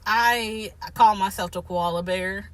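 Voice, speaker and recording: A woman's voice: medium pitch, fairly even intonation, takes it slowly, a bit bright. A young woman co-hosting a casual chat, giggling often and swearing casually. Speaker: podcast co-host. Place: inside a parked car.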